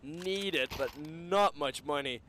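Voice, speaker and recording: A man's voice: a little high, slow pace, sharp tone, a little hiss or hum. Rambling male esports co-caster. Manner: casual and rambling, with many fillers and restarts. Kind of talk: color commentary.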